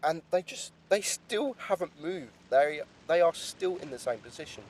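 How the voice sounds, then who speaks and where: A young man giving lively, chatty play-by-play commentary on a game replay, with some casual swearing. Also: a little high, normal speed, a little hiss or hum. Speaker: gaming YouTuber.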